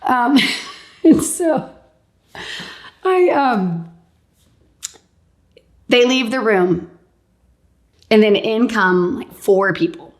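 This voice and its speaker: A woman's voice: on the high side, extremely slow, long pauses. Chatty woman telling her story with laughs. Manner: animated, laughs often, acts out what others said; fills speech with "like" and "um". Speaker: guest sharing a healing testimony. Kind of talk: casual personal storytelling.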